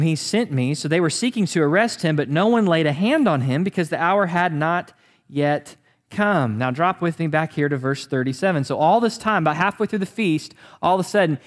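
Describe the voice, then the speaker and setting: Man, pastor, lively conversational sermon, somewhat high voice. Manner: animated, conversational preaching with restarts.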